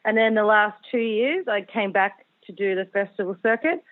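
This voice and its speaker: A woman's voice: mid-range voice, animated, no room sound. Australian woman on a tinny phone line. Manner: chatty, halting, with fillers and laughs. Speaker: guest comedian. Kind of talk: casual interview.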